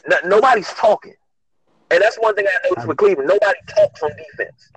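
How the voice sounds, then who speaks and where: Husky man breaking down defense. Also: sits high, expressive, dry recording, poor audio. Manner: measured, acts out players' voices in quick asides. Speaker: panelist. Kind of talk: casual sports debate.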